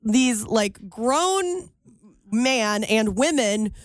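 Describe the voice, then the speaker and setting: A woman's voice: on the high side, expressive, extremely slow, no room sound. A young woman co-hosting a radio show, chatty and teasing, who laughs often. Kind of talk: casual banter.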